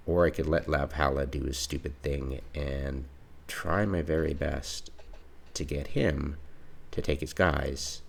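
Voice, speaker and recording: A man's voice: extremely low pitch, creaky. A man giving casual commentary on his own gameplay, exasperated and retelling his reactions as he goes.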